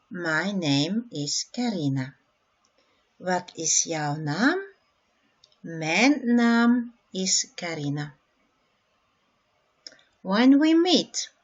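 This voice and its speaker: A woman from Belgium with a Flemish accent, teaching a beginner language lesson and repeating each phrase slowly for learners. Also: lowish voice, very animated, slightly rough, lo-fi sound.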